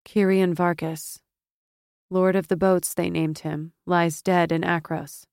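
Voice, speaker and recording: Lady playing a fierce proud goddess of war, low and strong, audiobook. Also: level tone, slow pace, gravelly, darkish tone, no echo, studio quality. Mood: solemn.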